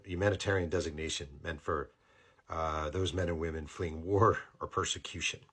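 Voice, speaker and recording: A man's voice: sits low, fairly bright tone, breathy edge. A man giving angry political commentary, indignant and swearing, hammering his points by repeating them.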